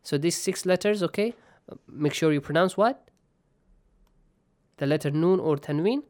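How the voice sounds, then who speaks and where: A man's voice: a little high, measured pace, darkish tone. A man teaching tajweed rules in an online Quran lesson, patiently quizzing his students.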